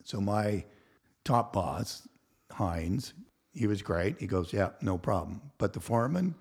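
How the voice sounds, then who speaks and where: A man in his sixties with a rough, gravelly voice sits in on a podcast as a guest and tells a story from his working years. His pitch sits low but swings widely as he acts out the people he quotes, and he swears freely along the way. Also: very animated, slow pace, darkish tone. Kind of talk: storytelling in casual chat.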